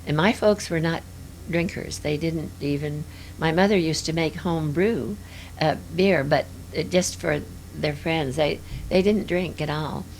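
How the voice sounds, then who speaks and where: A woman's voice: sits low, unhurried, a little mellow, slight background noise. An older woman reminiscing in an interview, rambling and hesitant with many fillers.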